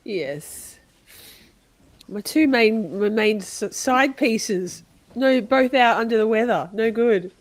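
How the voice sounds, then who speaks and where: A woman's voice: on the high side, expressive, slow pace. A woman hosting a livestream, chatting casually and laughing often. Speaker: livestream host commenting on a trial.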